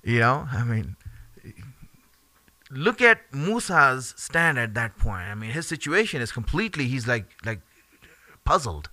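A man teaching a religious lesson in an animated, conversational way, often dropping in fillers between his points. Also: mid-range voice, measured pace, pauses often, no room sound. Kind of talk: storytelling sermon.

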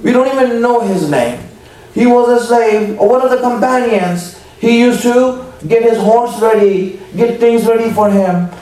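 High-voiced man preaching in an echoey hall. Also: warm tone, distant mic. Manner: emotional, dramatic retelling with quoted voices. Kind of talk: sermon storytelling. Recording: echoey hall, voice from afar, faint noise.

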